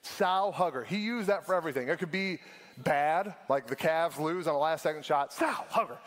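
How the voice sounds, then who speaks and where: A man, preaching a sermon in a casual storytelling way that slows down for emphasis. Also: on the high side, big-room sound. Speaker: pastor.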